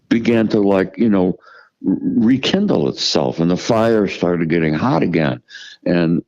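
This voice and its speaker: Gravelly older man telling blunt stories. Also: lowish voice, a little mellow, muffled recording. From United States. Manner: profane, emphatic, restarts and repeats words. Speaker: musician guest. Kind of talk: storytelling interview.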